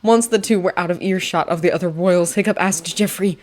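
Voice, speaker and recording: A woman narrating a fanfiction audiobook with a steady, expressive reading. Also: fairly low pitch, fairly quick. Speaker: audiobook reader.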